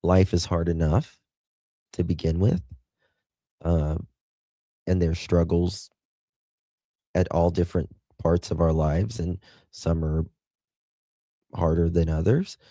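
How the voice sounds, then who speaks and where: Middle-aged Southern man, livestream host, low unhurried voice, dry close sound. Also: steady tone, dark tone, no room sound. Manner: chatty, reads viewers' chat aloud with endearments. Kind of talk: casual livestream chat.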